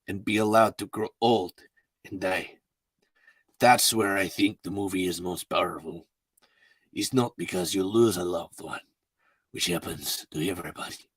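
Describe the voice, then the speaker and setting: A man putting on a grave, solemn voice, speaking slowly and low. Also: breathy edge, no room sound, far from the mic, low-quality recording. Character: brooding, grave male narrator, solemn.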